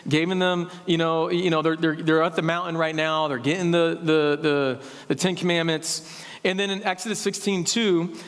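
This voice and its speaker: Casual preaching guy, pretty high voice, big hall echo, lively and jokey. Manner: lively preaching, quick asides and jokes. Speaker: pastor. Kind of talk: sermon. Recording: long hall reverb.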